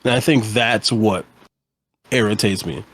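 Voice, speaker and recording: A man's voice: fairly low pitch, measured pace, a bit bright. A young man co-hosting a podcast, chatting casually in a rambling, profane, exasperated way and laughing often. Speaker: podcast co-host. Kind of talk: casual chat.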